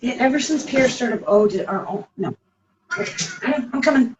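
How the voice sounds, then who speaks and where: In his kitchen, a home cook vlogger chats casually through his cooking video, cracking jokes and talking to his cat. His voice is very high-pitched and animated, at a moderate pace, and the lo-fi recording is very noisy.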